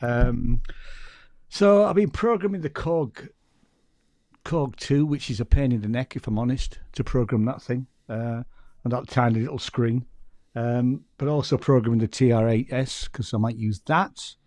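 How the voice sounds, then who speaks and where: A man's voice: medium pitch, moderate pace, darkish tone, no room sound, studio quality. A man with a Yorkshire accent, a podcast guest telling rambling, self-deprecating stories in casual chat. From York, England.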